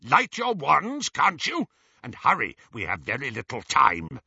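A man's voice: medium pitch, wildly swooping pitch, a little slow, creaky, pushed and bright, breathy edge, no echo, lo-fi sound, exaggerated voice. A man voicing a curt snarling goblin. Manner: clipped, snarling. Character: stern male goblin, curt and cold.

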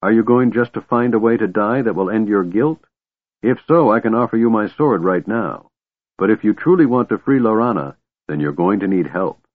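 A man voicing a big, strong warrior who speaks quietly and firmly, in a tinny audiobook recording. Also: on the low side, expressive, normal speed. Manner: quiet, firm.

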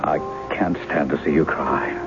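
An actor in a 1970s radio drama playing a smooth-talking male writer who poses as a woman's lost husband, wry and teasing. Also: extremely low pitch, fairly even intonation, normal speed. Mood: distressed. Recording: muffled old radio broadcast with music.

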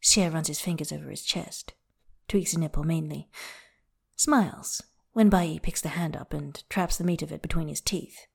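Woman narrator, low-pitched, soft and intimate fiction reader. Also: moderate pace, gravelly, breathy edge. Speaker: audiobook narrator.

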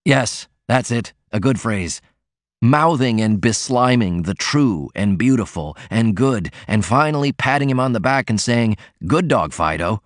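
A man's voice: mid-range voice, lively intonation, measured pace, dry recording, clean studio sound, close to an everyday voice. A man voicing an ailing, sardonic male poet who speaks with scornful, passionate declamation.

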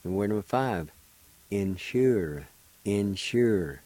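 A man leads a radio language lesson, spelling each word and sounding it out one syllable at a time. His voice sits low and warm, and the sound is close and dry with no room around it. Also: animated, slow, dry recording, rough recording. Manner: spells and pronounces words syllable by syllable, patient drilling. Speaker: radio host teaching a language.

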